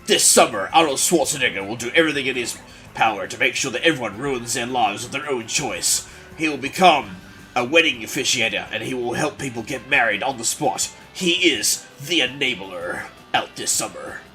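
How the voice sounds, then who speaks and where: A man putting on a gruff male action-movie hero with a thick, clumsy foreign accent, announcing slowly like a movie trailer. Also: mid-range voice, lively intonation, bright, forceful tone, soft background music. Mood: mock-dramatic. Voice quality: thick put-on foreign accent, self-admittedly bad.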